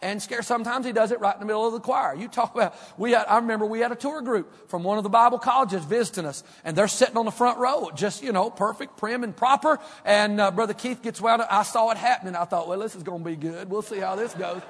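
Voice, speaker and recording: A man's voice: high voice, fast, hardly any pauses, a bit bright. A male pastor, delivering a folksy, humorous sermon full of stories to his congregation. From Kentucky. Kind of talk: sermon with storytelling. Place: church sanctuary. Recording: long hall reverb.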